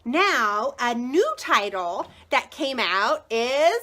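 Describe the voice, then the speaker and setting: A bubbly woman in her thirties chats through a live book showcase and greets viewers by name as she goes. Her voice sits high and bounces all over the place. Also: big pitch swings, very slow, bright, forceful tone. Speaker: book seller hosting a live video. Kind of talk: chatty live product showcase.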